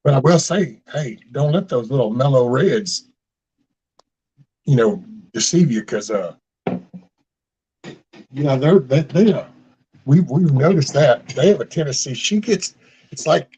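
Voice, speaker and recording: Husky man telling folksy stories. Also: medium pitch, expressive, a little slow, pauses often, dark tone, highs cut off. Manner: folksy storyteller, mild cursing, acts out quotes. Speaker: host of a casual live chat. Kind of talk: casual rambling chat.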